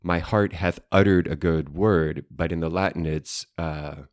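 A man with a very deep voice co-hosts a relaxed chat show, joking and reaching for fancy learned words. The sound is dry and close, with no room around it. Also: a little slow, no room sound. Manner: playful, wordy, fond of learned terms. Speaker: podcast co-host. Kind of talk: casual chat.

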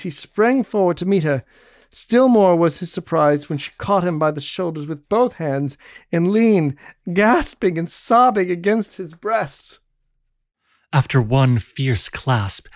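A man reads a novel aloud in an even, measured storytelling voice. The sound is close and dry, with no room in it. His pitch sits a little above the usual for a man. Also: no echo. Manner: steady, measured storytelling read. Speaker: audiobook narrator. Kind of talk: scripted narration of a novel.

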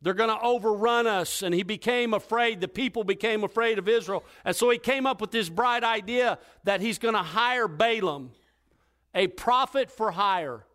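A male preacher retelling a scripture story in a lively, dramatic sermon style. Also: high-pitched, moderate pace. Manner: lively, dramatic retelling with wide swings in loudness.

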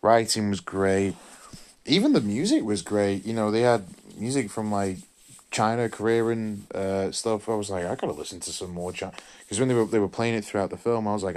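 A weary man talks through a film review in a loose, rambling way, often apologizing and trailing off. His voice sits fairly low, and he sounds worn out from a long weekend. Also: brisk, a little mellow. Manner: rambling, apologetic, full of fillers and restarts. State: tired, yawning. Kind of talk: casual spoken film review.

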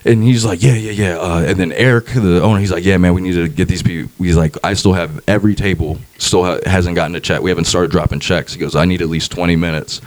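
A man's voice: low-pitched, quick pace, few pauses. A man, a stand-up comedian, telling a story in a casual podcast chat, swearing freely and acting out the people in it. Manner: animated, swearing, acts out quoted voices.

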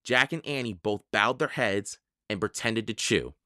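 A storyteller slowly and expressively narrating a children's audiobook. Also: medium pitch, bright, forceful tone, no room sound, studio quality. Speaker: audiobook reader.

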